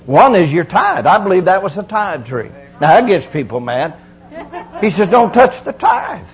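High-voiced man preaching a folksy sermon. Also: very animated, moderate pace, low-quality recording. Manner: folksy, emphatic preaching with repeated phrases.

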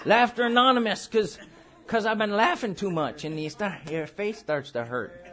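A man preaching a charismatic sermon at a church service, laughing through his words in an animated, playful way. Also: high voice, normal speed.

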